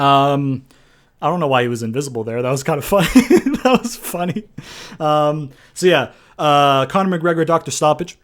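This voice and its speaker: A young man commentating his own wrestling game playthrough, swearing and yelling in frustration at the computer opponent. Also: on the high side, animated, normal speed, soft background music. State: sweating from yelling. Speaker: gaming YouTuber. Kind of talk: let's-play commentary.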